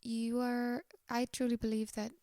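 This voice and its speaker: A woman with a slightly tired voice giving a gentle, reassuring pick-a-card tarot reading, often dropping to a whisper. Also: fairly high pitch, level tone, unhurried, no room sound, studio quality.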